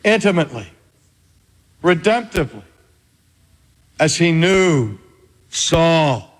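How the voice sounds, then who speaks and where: Man, sermon, dramatic pauses, unhurried, long church reverb. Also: on the high side, very animated. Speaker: preacher.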